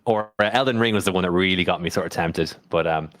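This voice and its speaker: Low-voiced laid-back man, dry sound. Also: fast talker, fairly bright tone, no echo. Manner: laid-back, laughing, swearing, self-mocking. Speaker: podcast co-host. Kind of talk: casual chat.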